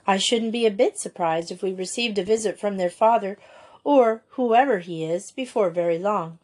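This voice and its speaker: A woman's voice: mid-range voice, normal speed, a little mellow, lightly acted. Lady reading a sensible schoolmistress, practical tone.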